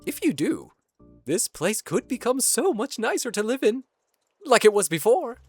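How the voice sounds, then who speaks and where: A man voicing a lonely, hopeful survivor figure in a game playthrough, in a sing-song, drawn-out manner. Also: very high-pitched, sing-song, breathy edge, dry recording, soft background music, voice pushed up, full character voice. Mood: delighted. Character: lonely hopeful survivor creature of a ruined world.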